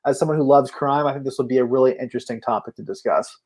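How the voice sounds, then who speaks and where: A man co-hosting a casual comic book chat, talkative and quick to laugh, often restarting his sentences. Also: mid-range voice, a little mellow, slightly rough. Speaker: podcast co-host.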